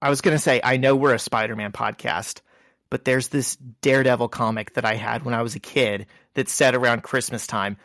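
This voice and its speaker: A man co-hosting a podcast in casual chat, relaxed and rambling, with plenty of fillers. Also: mid-range voice, brisk, no echo, studio quality. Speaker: podcast co-host.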